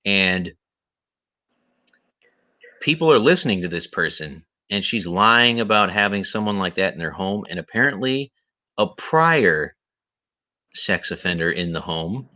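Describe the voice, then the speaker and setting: This livestream host's low, animated voice sounds pushed and bright, and he talks a little slowly with frequent pauses. On his heated commentary stream he rants indignantly, repeats himself, and remarks that his voice is tired.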